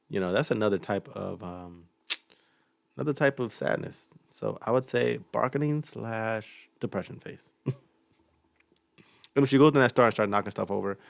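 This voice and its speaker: A man's voice: fairly low pitch, creaky, no echo. A young man hosting a reaction video, chatting casually and chuckling often as he jokes about what he watches. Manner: chuckles often, loose and joking.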